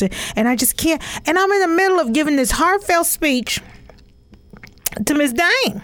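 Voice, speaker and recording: A woman's voice: high-pitched, lively intonation, moderate pace, fairly bright tone, no echo. Chatty woman in her forties, dry sound. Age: 40s. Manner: chatty and rambling, full of "you know" and "okay?" asides. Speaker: mother telling a family story. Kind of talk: comedic storytelling monologue.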